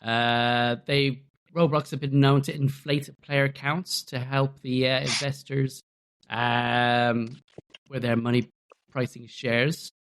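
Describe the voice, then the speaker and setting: A man's voice: mid-range voice, little pitch movement, slow, a bit bright, clear, resonant tone. A man in his thirties co-hosting a gaming podcast, talking casually and hesitantly, with frequent fillers as he reports news. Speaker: podcast co-host. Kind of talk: casual chat.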